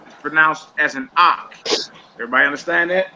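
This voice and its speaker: A man's voice: on the high side, moderate pace, sharp tone, dull audio, slight background noise. A man teaching a casual group Hebrew lesson, patiently repeating words for his students and using slang.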